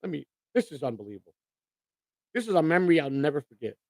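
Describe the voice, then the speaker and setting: Man, live-stream host, casual chat, emotional, stammering, slightly high voice, dry close mic. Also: sing-song, fast talker, no echo. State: overjoyed, near tears.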